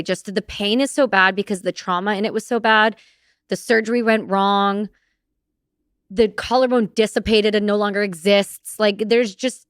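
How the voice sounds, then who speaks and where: Lively, smooth-voiced woman telling stories. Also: medium pitch, dry recording, studio quality. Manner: animated, laughing, swears freely. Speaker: podcast guest. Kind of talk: casual storytelling.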